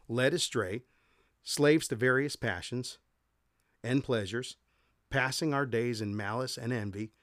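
In a dry, clean studio recording, a podcast host and Bible teacher with a medium-pitched voice reads Bible passages and talks through them. His devotional style is casual and conversational, with frequent self-corrections.

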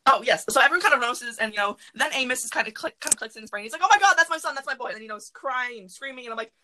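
A woman hosting a podcast from her closet, chatting casually and rambling excitedly with lots of fillers. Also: on the high side, very fast, low-quality recording. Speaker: podcast host. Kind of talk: casual chat.

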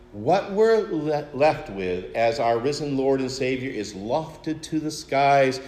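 A man in his sixties, a pastor, preaching a sermon with expressive storytelling, rhetorical questions and wry humor. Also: mid-range voice, reverberant, slight background noise. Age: 60s.

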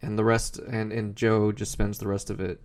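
A man's voice: lowish voice, completely flat delivery, moderate pace, a little mellow. A man co-hosting a comedy podcast, chatting casually and rambling as he recaps a show and stumbles over his words. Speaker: podcast co-host.

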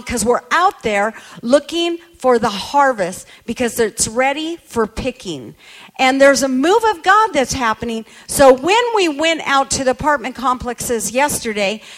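A woman's voice: high-pitched, a bit bright. A woman preacher telling a story in a sermon, emphatic and quoting people as she goes.

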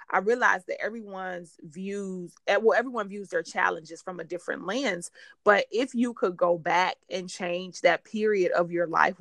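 A woman's voice: lowish voice, vocal fry, no room sound, studio quality. A woman hosting a faith-based interview, encouraging her guest and often restarting her sentences. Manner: warm encouraging, many restarts and laughs. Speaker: podcast host.

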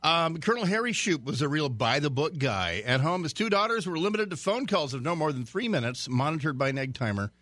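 A man's voice: fairly high pitch, sing-song, brisk, few pauses, a bit bright, no echo. A man guest-hosting a radio talk show, reading a news story in a chatty way with stumbles and jokey asides. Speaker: radio fill-in host.

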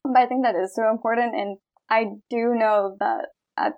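A woman's voice: fairly high pitch, normal speed, darkish tone, dull audio. A woman in her twenties interviewing a guest, friendly and a little hesitant, with many "like" and "um". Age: 20s. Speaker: student interviewer. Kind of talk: casual interview conversation.

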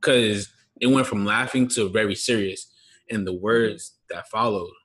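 A man's voice: on the low side, unhurried, fairly bright tone, husky. A man as a podcast guest, asking questions in a casual, hesitant way with many fillers. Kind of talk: casual chat.

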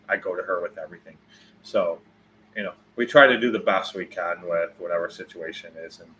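A man in his forties chatting casually on a livestream, answering viewers, rambling and swearing freely, getting loud when he tells a story. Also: low-pitched, a little hiss or hum.

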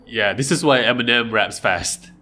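A young man, co-hosting a casual podcast chat about rap, rambling and relaxed with lots of fillers. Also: mid-range voice, normal speed, over music. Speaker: podcast co-host.

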